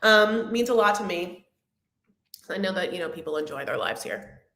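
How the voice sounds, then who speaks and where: A woman's voice: on the low side, expressive, normal speed, a bit bright, echoey room. A woman hosting a reality TV recap livestream, talking casually in a rambling, chatty way full of fillers and restarts. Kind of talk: casual chat.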